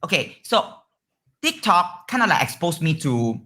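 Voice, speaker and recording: A woman's voice: on the low side, big pitch swings, a little slow, pushed and bright. A woman from Malaysia with a Malaysian English accent, a guest on a podcast, talking candidly in a bubbly, outspoken way and swearing freely. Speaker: guest streamer.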